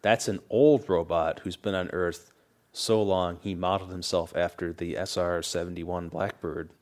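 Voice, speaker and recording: A man's voice: deep voice, steady tone, normal speed. A man co-hosting a podcast in casual chat, explaining things with a knowing, sardonic edge. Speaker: podcast co-host.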